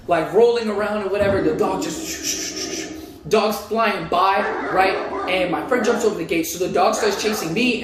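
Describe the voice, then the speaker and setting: A young man telling a casual story, animated and full of slang, repeating himself as he goes. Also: high voice, noisy background. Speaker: vlogger. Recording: echoey room, voice a bit far from mic.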